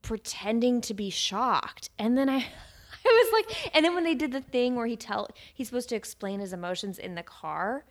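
A woman's voice: a little high, normal speed. Chatty woman podcast co-host. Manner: animated storyteller who acts out quotes. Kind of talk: casual chat recapping a dating show.

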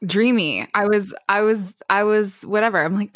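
A young woman co-hosts a podcast and tells a story in a loose, chatty way, peppering her talk with fillers. Her voice sits at an ordinary middle pitch and sounds close and dry, with no room around it. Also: moderate pace, no echo. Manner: animated, chatty, full of fillers like whatever and this and that. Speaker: podcast co-host. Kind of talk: casual storytelling chat.

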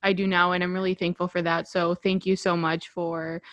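A young woman in her twenties hosts a casual podcast and chats warmly with her guest. Her talk is full of ums and you-knows, gushing and thankful, recorded close and dry with no room sound. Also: fairly low pitch, little pitch movement, moderate pace, dry recording. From Chicago, USA. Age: 20s. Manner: gushing, heavy fillers like um and you know. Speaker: podcast host.

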